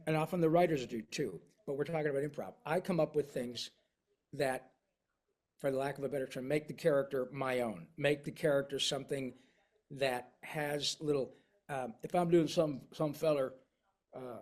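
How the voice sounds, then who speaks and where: Animated man, voice actor being interviewed. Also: fairly high pitch. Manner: animated, slips into voices and dialects to demonstrate. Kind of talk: casual interview chat.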